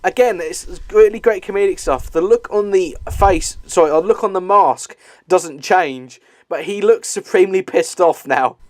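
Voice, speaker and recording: A man's voice: high voice, moderate pace, darkish tone, dry recording. A young man giving a casual movie commentary, chatty and swearing, with lots of fillers and laughs.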